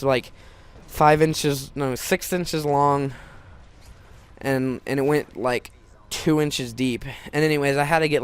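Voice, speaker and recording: A man's voice: medium pitch, clear, resonant tone. A teenage boy telling a personal story in a casual, rambling way, full of restarts and fillers.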